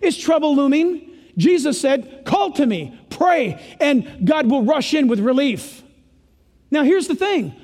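Older guy pastor preaching, real high voice, acts out people, long church reverb. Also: a little slow. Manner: animated, acts out voices of listeners and God. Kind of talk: sermon.

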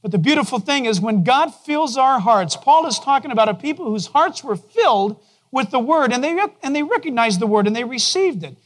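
A man's voice: expressive, fairly quick. Conversational male pastor preaching. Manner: conversational preaching, asks the congregation questions; drops to a soft, low voice to quote God gently. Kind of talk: sermon. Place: church.

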